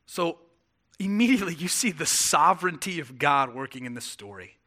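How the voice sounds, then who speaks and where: A young man preaching a sermon as pastor, retelling the story with animated voices for the characters. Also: fairly high pitch, moderate pace.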